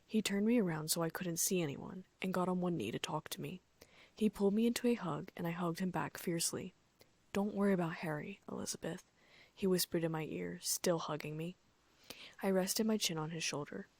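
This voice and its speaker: A woman reading a first-person fan fiction audiobook in a soft, often near-whispered voice. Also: fairly low pitch, fairly quick, gravelly, no echo. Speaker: audiobook narrator.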